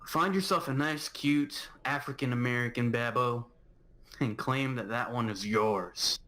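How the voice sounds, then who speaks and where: A man's voice: mid-range voice, a little slow, pushed and bright. A man playing a tabletop game, giving commands in a bossy, egging-on way. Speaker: player.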